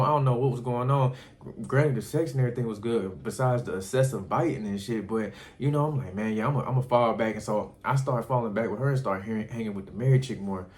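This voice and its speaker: A young man casually telling a personal story in a slangy, profane way. He keeps calling the listener "bro" and jumps way up in pitch when he acts out his own shocked reactions.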